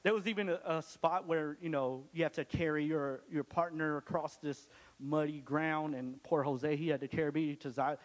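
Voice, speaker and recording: A man's voice: on the high side, steady tone, moderate pace, hardly any pauses. A young man giving a casual, joking testimony to a church congregation, with lots of restarts. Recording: long hall reverb.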